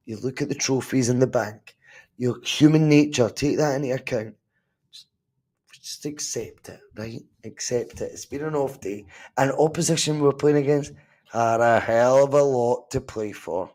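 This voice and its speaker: A Scottish man hosting a live football watch-along podcast, chatting casually, reacting to the match and the chat with animated, sometimes sweary remarks. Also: medium pitch, moderate pace. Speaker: podcast host.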